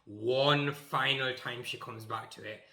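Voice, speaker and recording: A young man telling a funny story from his school days, animated and emphatic, acting out the scenes. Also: medium pitch, a little slow, roomy sound. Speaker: YouTuber. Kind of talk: comic storytelling.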